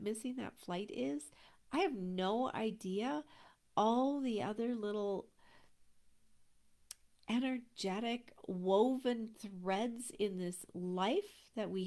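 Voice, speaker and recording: A middle-aged woman coaching, talking earnestly and reflectively, sometimes dropping into a soft whisper. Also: medium pitch. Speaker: abundance coach. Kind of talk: motivational talk to an online audience.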